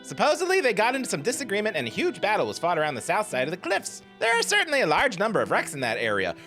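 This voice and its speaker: A man's voice: high-pitched, wildly swooping pitch, quick pace, pushed and bright, faint music behind, voice pushed up, heavily acted. A man voicing a cheery, chatty eccentric village woman in a game playthrough, sweetly pushy as she hands out errands. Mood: chirpy.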